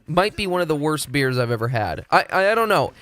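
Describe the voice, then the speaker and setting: A man's voice: fairly high pitch, very animated, a little fast, a bit bright. A young man from Texas, chatting casually and profanely on a live stream. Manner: rambling, profane, laid-back.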